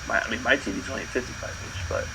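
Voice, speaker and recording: Gravelly-voiced man chatting over noise. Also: medium pitch, expressive, quick pace. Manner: laid-back, rambling, trails off. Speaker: podcast co-host. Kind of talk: casual chat.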